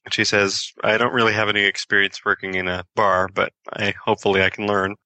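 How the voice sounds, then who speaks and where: A man calmly recapping a story in a relaxed chat, with a lowish voice. His tone is very bright and sharp, and the recording is dry and close. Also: fast, dry recording. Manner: relaxed, summarizes plot, frequent mm-hmms. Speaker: podcast co-host. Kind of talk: casual book discussion.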